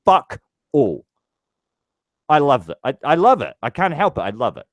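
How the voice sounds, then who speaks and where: A man's voice: on the high side, very animated, fast, dry recording, lo-fi sound. A man vlogging a heated, profane political rant straight to his viewers. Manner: angry, profane ranting.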